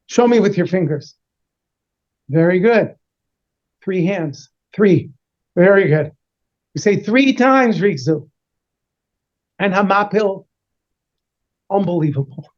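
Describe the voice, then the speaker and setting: Over a video call, a rabbi with a high-sitting voice tells children a story, playfully acting out the characters in short, animated bursts and mixing in Yiddish and Hebrew words. The recording is muffled.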